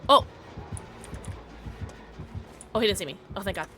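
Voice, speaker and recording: A young woman live-streaming a game, giggly and excitable, chatting with her viewers and squealing at the game. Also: medium pitch, very fast.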